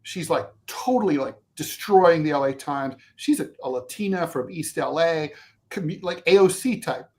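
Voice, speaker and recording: A man co-hosting a talk show, telling a long personal story in casual chat, animated and swearing, with many restarts and asides. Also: a little high, moderate pace. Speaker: co-host.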